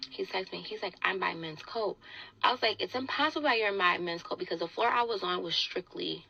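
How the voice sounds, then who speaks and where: A young woman telling a story in a casual podcast chat, animated and indignant, acting out the quotes she tells. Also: mid-range voice, brisk, creaky, slightly rough, no room sound, lo-fi sound.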